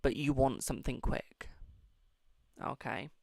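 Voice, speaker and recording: A man's voice: medium pitch, fairly even intonation, unhurried, vocal fry, a little mellow, no room sound, whispered, clean studio sound. A British man hosting a live-stream tarot reading, chatty and affectionate, calling viewers darling and boo.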